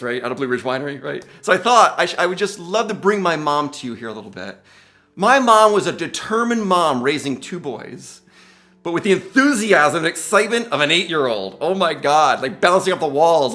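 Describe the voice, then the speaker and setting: Exuberant, high-pitched motivational speaker man. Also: big pitch swings, fairly quick, pushed and bright. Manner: exuberant, gushing, keeps exclaiming and addressing listeners as guys. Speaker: commencement speaker. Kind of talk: motivational speech.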